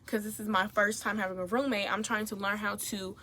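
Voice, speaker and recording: A young woman vlogger telling a profane, animated story while doing her makeup. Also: medium pitch, brisk, slight background noise. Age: young adult. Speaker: beauty vlogger. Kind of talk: get-ready-with-me storytime.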